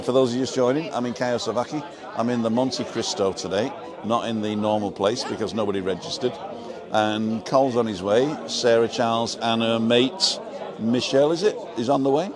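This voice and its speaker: An older man hosting a casual live stream from an outdoor bar terrace, rambling and joking as he reads viewer comments. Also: medium pitch. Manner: chatty, rambling, jokey. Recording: outdoor crowd noise behind. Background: crowd chatter.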